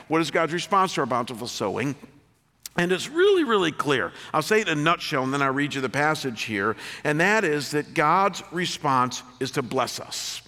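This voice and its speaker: A man preaching a sermon as pastor, animated, swinging between loud rises and quiet drops. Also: fairly high pitch. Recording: long hall reverb.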